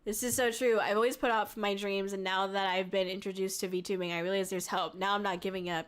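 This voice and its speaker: A woman's voice: mid-range voice, steady tone, brisk, few pauses. A woman VTuber streamer chatting casually on a livestream, reading viewer messages aloud, giggling often and swearing freely.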